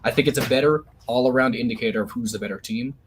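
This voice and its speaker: A young man co-hosting a podcast, giving opinionated, halting takes on esports teams. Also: medium pitch, slight background noise. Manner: opinionated, hesitant restarts. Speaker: podcast co-host. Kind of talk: casual esports chat.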